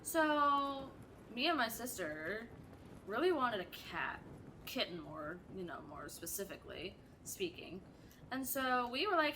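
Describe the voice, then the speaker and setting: Bright-voiced chatty woman storyteller. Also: on the high side, measured pace, slight background noise. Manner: chatty, animated, self-described drama kid. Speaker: gaming streamer. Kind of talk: casual storytelling while gaming.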